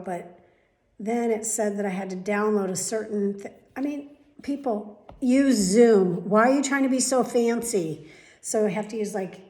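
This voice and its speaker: A woman's voice: medium pitch, warm tone, reverberant. Woman ranting in exasperation. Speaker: vlogger. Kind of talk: casual vlog rant.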